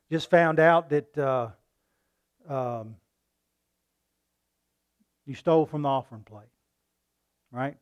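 A man preaching a sermon in a folksy style, often asking his listeners "right?" and loudly acting out the voices of a mocking crowd. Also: medium pitch. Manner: animated, acts out mocking crowds in loud voices.

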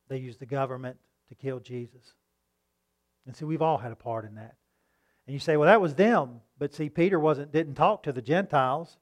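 A man preaching a sermon in a conversational tone, asking rhetorical questions and reading scripture slowly. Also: mid-range voice.

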